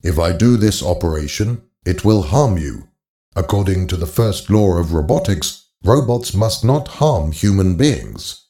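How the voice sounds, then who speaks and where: A man doing a deep, formal robot surgeon. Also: expressive, a little slow, mellow. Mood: deferential. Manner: formal, polite, deferential.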